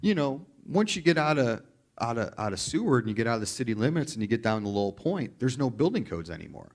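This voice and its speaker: A man's voice: mid-range voice, very animated, fast talker. A man voicing a laid-back male cafe owner, speaking offhand and matter-of-fact.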